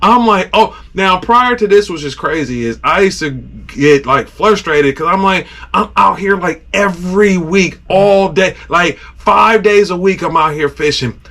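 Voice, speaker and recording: A man with a high, bright voice tells a story casually. His telling is animated and loose, full of "like" and little sound effects. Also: measured pace. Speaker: podcast host telling a fishing story.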